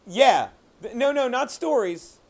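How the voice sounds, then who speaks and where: A man's voice: very high-pitched, lively intonation, unhurried. A man hosting a podcast, chatting casually and retelling jokes with a laugh. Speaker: podcast host. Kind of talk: casual chat.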